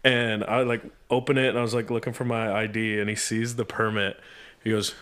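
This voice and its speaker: A man's voice: on the low side, little pitch movement, a little fast, a bit bright. A young man in casual chat, telling a laid-back story, swearing and acting out quotes of others.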